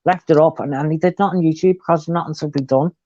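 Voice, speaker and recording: A man telling animated stories in a casual live chat. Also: fairly high pitch, quick pace, highs cut off, slight background noise. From England. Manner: chatty, animated storytelling. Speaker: co-host.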